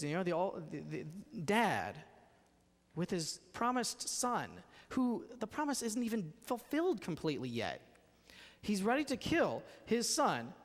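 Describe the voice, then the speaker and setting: A man preaching a conversational, expressive sermon in a church sanctuary. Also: sits high. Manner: conversational, expressive, retells scenes with acted voices. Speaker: pastor. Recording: echoey church hall.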